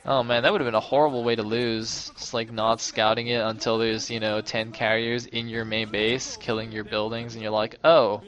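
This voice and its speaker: A man giving casual play-by-play commentary on a game as an esports caster. He talks chattily, corrects himself often, and gets loud and excited when the action turns tense. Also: on the low side, normal speed, few pauses, lo-fi sound.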